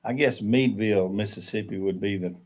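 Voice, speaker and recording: An older man with a drawl hosts a relaxed live stream, and his voice sits a little low. He tells old jokes, greets viewers by name and ambles through small talk at an easy pace. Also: brisk. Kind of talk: casual live stream chat. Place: rural camp.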